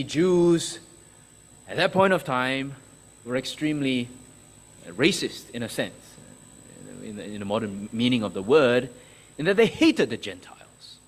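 A man's voice: mid-range voice, rough recording. A man preaching an expository sermon, speaking emphatically and posing questions that he then answers himself. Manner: emphatic, asks and answers his own questions.

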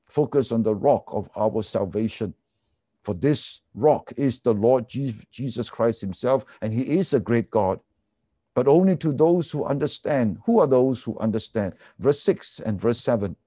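A man preaching a sermon, earnest and emphatic, then dropping to hushed, quiet lines. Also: medium pitch, animated, normal speed, no echo, studio quality. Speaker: pastor.

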